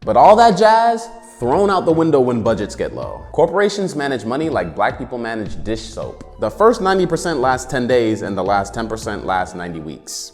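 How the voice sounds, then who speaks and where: A man's voice: mid-range voice, in a large hall. A man in his twenties doing a sarcastic, slangy comedic rant as the show's host. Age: 20s.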